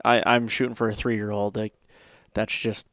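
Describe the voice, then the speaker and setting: A man's voice: lowish voice, flat delivery, moderate pace, a bit bright, no echo, clean studio sound. A man hosting a podcast, telling a long hunting story in a rambling, casual way with lots of fillers. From Michigan. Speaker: podcast host.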